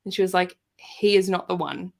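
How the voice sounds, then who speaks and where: Animated woman telling a personal story. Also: on the low side, a little fast, creaky. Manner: animated, acts out quoted voices. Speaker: podcast guest. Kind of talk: casual storytelling.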